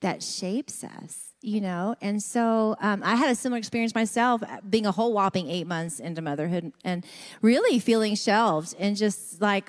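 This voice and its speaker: A woman's voice: mid-range voice, moderate pace. Woman moderating a church panel.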